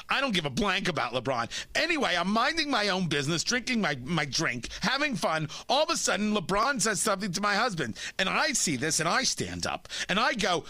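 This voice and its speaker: A man's voice: sits high, sharp tone, no room sound, heavily acted. A man doing a mocking impression of a brash, indignant young woman on a talk radio show. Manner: mocking, exaggerated retelling.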